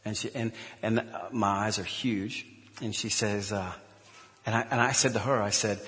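Brief: male pastor, lowish voice, earnest sermon storytelling, echoey church hall. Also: fairly even intonation, moderate pace, fairly bright tone. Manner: earnest storytelling with frequent restarts.

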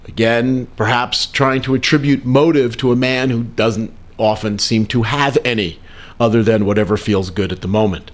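A man's voice: mid-range voice, fairly even intonation, normal speed. A man hosting a political talk radio show, delivering news commentary with a wry, sarcastic edge.

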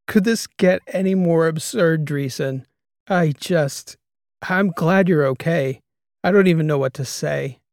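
Man doing a blunt agitated male historian, incredulous, gravelly, dry close sound. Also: fairly high pitch, a little slow, a little mellow, no room sound. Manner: exasperated, demanding questions.

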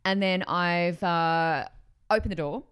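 A middle-aged woman telling a story in a casual chat, animated, with many fillers and restarts. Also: fairly low pitch, slow pace, clear, resonant tone.

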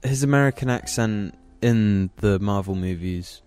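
Young man, podcast co-host, mellow low voice, casual swearing, faint music behind. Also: measured pace, smooth. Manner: chatty, swears casually, many fillers. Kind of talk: casual chat.

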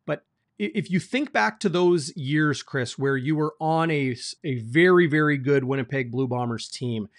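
A man's voice: fairly high pitch, moderate pace, dry recording, studio quality. A man who hosts a sports show and asks long, winding interview questions. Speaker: sports reporter, host.

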